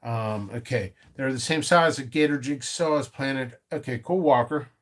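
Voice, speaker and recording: A man hosting a casual live stream about his seed business, rambling and animated, with frequent restarts and asides. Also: mid-range voice, moderate pace.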